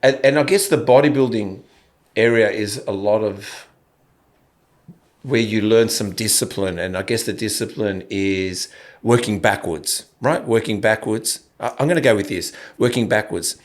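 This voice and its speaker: A man's voice: lowish voice, moderate pace. A man in his fifties with an Australian accent, hosting a podcast interview in a loose, rambling way with many restarts. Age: 50s. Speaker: podcast host. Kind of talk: casual interview chat.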